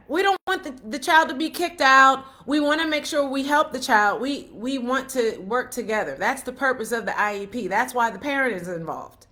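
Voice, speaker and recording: A middle-aged woman talking casually to the camera, telling a school story with lively retold quotes and checking in with the listener as she gives parenting advice. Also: sits high. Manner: animated storytelling, laughs often, acts out quotes; repeats questions to the listener. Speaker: parent vlogger giving advice.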